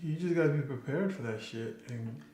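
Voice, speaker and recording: A man's voice: medium pitch, a little fast. A man co-hosting a podcast, joking and teasing in casual, profane talk. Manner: joking, teasing, does mock voices. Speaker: podcast co-host. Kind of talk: casual profane reaction chat. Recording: echoey room with loud noise.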